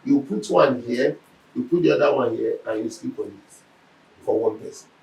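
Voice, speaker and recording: A man's voice: medium pitch, normal speed, creaky. A man giving a Bible lesson, telling stories animatedly and acting out what people said. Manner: animated storytelling, acts out quoted speech. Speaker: Bible teacher. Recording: echoey room from a distance.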